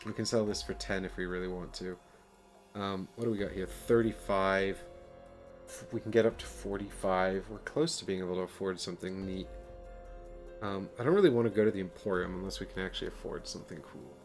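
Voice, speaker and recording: A man with a fairly low voice chats through a board game on a live stream. He rambles and jokes at his own expense, and he reads the story text aloud. Faint music plays behind him. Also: brisk. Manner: chatty, self-deprecating, rambling.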